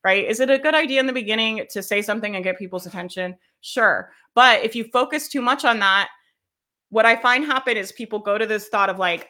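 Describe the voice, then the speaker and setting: A woman's voice: a little high, brisk, pushed and bright. A woman coaching a live online workshop, chatty and encouraging, often checking in with "right?" and laughing. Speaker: social media coach.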